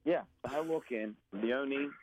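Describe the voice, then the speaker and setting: A man with a Southeast London accent, a guest performer chatting in an interview with dry, deadpan humor. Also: medium pitch, moderate pace, low-quality recording. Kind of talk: casual interview chat.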